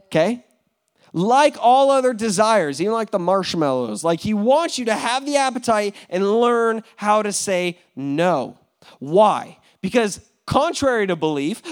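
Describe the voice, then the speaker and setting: A young man preaches with a very high-pitched voice. He keeps it casual and joking, full of fillers and asides to his listeners. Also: lively intonation, a little slow. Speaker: pastor. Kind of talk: sermon.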